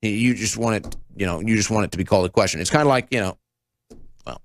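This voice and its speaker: A man's voice: lowish voice, fast, slight background noise. A man in his thirties hosting a political talk show, commenting with sarcasm and mocking impressions. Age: 30s. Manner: sarcastic, mocking, animated mimicry. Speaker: show host.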